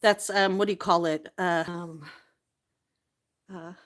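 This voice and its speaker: A woman's voice: lowish voice, steady tone, slow. A woman vlogger chatting casually to the camera, tearful at times and laughing often between lines.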